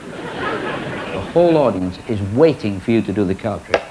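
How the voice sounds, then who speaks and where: A male magician hosts a magic show, trading comic stage patter with a live audience in a teasing, animated showman's style. His voice sits on the low side at a moderate pace, with studio audience laughter and crowd noise behind him.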